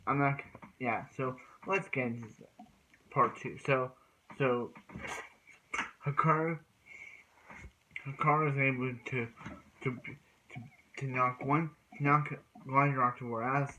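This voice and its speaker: A man casually recapping a cartoon episode as a reviewer, halting and restarting his sentences often. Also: medium pitch, fairly even intonation, bright, forceful tone, slight background noise, rough recording. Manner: halting, frequent restarts and repeated phrases.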